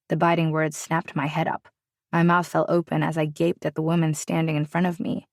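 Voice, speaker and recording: A woman narrating a romance audiobook in the first person, with steady, even storytelling. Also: on the low side, moderate pace, vocal fry, dry recording, studio quality.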